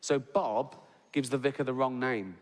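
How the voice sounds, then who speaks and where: A male stand-up comedian tells stories conversationally, tagging lines with "right?" and laughing at his own jokes. His voice is mid-range at normal speed, with a big-room sound.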